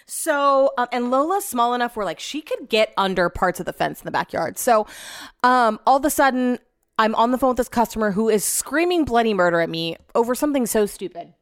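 A woman's voice: on the high side, animated, brisk, no echo, clean studio sound. Swearing woman venting on her podcast. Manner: venting, swears freely, rambling. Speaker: podcast host. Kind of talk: casual solo podcast monologue. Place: home office.

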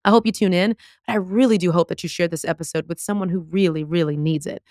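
A woman hosts a podcast interview, gushing and animated with plenty of casual slang. Her voice sits a little low. The sound is dry and close, with no room in it. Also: fast talker, no echo. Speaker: podcast host.

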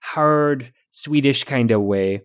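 A man's voice: medium pitch, slow, lightly acted. A chatty Midwestern mom columnist with a homey Midwestern accent, as a man puts her on, dishing out folksy advice. The voice sits in a middling range, wandering and loose rather than polished. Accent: Midwestern American, put on. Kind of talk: podcast comedy bit.

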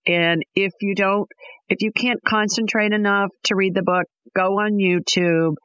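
A woman hosts a call-in radio show and gives callers brisk, direct advice. Her voice sits at a medium pitch. The sound is dry and a little muffled. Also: fairly even intonation, fairly bright tone, clear, resonant tone, dry recording.

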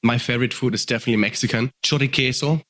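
Excitable man rambling with filler words. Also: mid-range voice, very fast. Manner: enthusiastic. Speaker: podcast guest. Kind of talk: casual storytelling chat.

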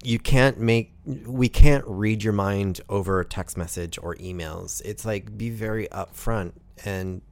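A man's voice: lowish voice, measured pace, hardly any pauses. A man giving frank, matter-of-fact advice in a conversation. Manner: direct, matter-of-fact, advising.

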